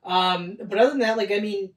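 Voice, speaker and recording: A woman's voice: mid-range voice, a little fast. A woman co-hosting a casual movie review chat, profane and rambling, laughing often. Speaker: podcast co-host. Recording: roomy, distant mic.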